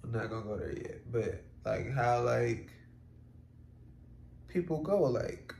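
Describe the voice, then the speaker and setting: A man's voice: mid-range voice, animated, takes it slowly, gravelly, long pauses, a little mellow, a little hiss or hum. A man talking through a solo reflective podcast monologue in a rambling, casual way, full of fillers and offhand swearing. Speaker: podcast host. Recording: roomy echo.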